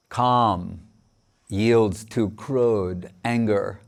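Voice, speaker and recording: A man, a spiritual teacher, giving a sermon on scripture in a halting way, reciting verses and restarting often. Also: on the low side, steady tone, creaky.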